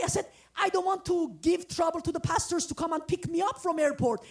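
Excitable woman preacher from the former soviet union, high voice with a gravelly edge, shouts and half-sings her testimony. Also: a little fast, hardly any pauses. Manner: exuberant, often bursting into shouts and sung phrases; earnest, pleading exhortation. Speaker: guest preacher. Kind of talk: testimony sermon.

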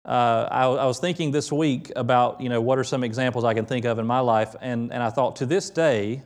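A man's voice: medium pitch, fairly quick. Man preaching a conversational sermon. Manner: conversational preaching, with animated bursts when quoting prophets. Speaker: pastor.

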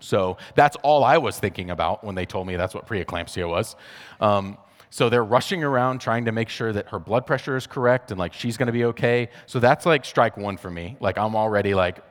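A man's voice: on the low side, a little fast, big-room sound. A man telling a personal faith testimony in a casual, conversational way, full of fillers and acted-out bits of dialogue. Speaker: speaker sharing a personal testimony. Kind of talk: testimony talk.

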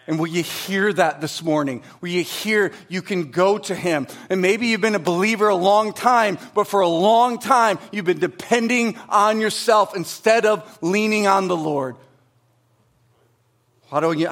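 A middle-aged man delivers a sermon from the pulpit in a high, light voice. He preaches with animated energy, pushing some lines out loud and dropping others to a near hush. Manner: animated preaching, swings from loud emphasis to hushed asides. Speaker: pastor.

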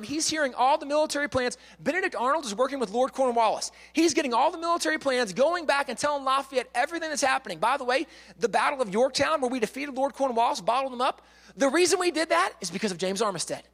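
High-voiced man lecturing in a hall. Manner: lively, acts out quotes, repeats words. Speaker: speaker. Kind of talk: animated storytelling lecture. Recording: long hall reverb.

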